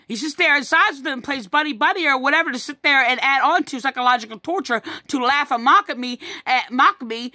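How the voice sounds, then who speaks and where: A distressed woman telling her story to the camera in a halting, repetitive way, with many fillers and sighs. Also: high voice, pushed and bright, dry recording, clean studio sound. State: upset. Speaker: vlogger recounting a family incident. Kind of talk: distressed personal account to camera.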